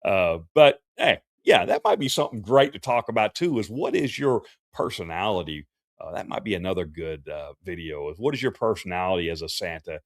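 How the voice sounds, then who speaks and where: Low-voiced folksy Texan Santa performer. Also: male voice, expressive, brisk, dry recording, clean studio sound. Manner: folksy, chatty, with many fillers and restarts. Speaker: professional Santa performer hosting a livestream. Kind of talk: casual livestream Q&A.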